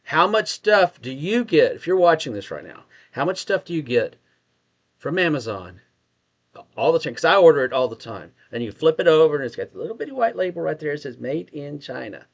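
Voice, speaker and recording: A man's voice: on the high side, big pitch swings, a little fast, dull audio. A man with a Texas accent co-hosting a casual political discussion, thinking aloud, restarting sentences and asking questions. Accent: Texan. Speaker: podcast co-host.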